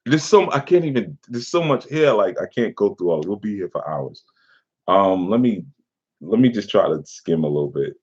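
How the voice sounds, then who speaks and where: A man's voice: fairly low pitch, expressive, measured pace, long pauses, a little mellow, slightly rough. A man who is a spiritual teacher, reading a message aloud in a casual commentary and breaking off with laughter and sarcastic asides. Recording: dull lo-fi recording.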